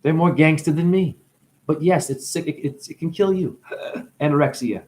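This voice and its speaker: This man's fairly high voice is a little mellow, moving at a moderate pace. He's a self-appointed spiritual teacher giving a rambling, free-associative monologue full of puns, profanity and laughter.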